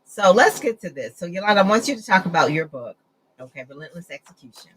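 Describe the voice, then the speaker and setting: A woman hosting an interview on a video call, asking questions in an energetic, emphatic way. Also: on the low side, quick pace, a little hiss or hum, rough recording. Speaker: show host.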